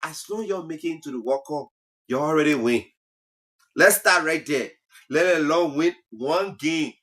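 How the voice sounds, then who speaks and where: A man's voice: a little high, normal speed. A man, hosting a casual comic talk show monologue and teasing as he goes. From Liberia. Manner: animated, teasing, laughs at own jokes. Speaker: comedy talk show host.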